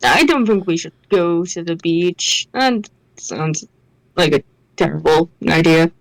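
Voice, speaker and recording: A woman's voice: on the low side, expressive, measured pace, creaky, no room sound, low-quality recording. A woman playing a tabletop game, talking in a dry, skeptical way. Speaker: player.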